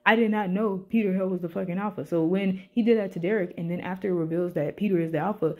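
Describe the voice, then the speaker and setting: A young woman talks through a show review in a loose, animated rant. She swears freely and sounds exasperated. Her voice sits at an ordinary middle pitch. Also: quick pace. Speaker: YouTube reviewer.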